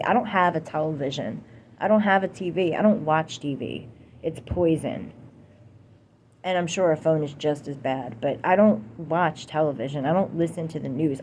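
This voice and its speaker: A woman's voice: low-pitched, a little mellow, slight background noise. A young American woman delivering a heated, profane political rant to camera, repeating herself for emphasis. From United States. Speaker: vlogger.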